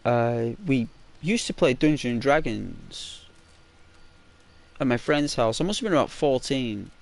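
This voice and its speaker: A man's voice: medium pitch, lively intonation, a little slow, vocal fry. A man hosting a gaming channel, telling a story in a chatty, rambling way with lots of fillers and restarts, in a semi-ASMR narration over gameplay.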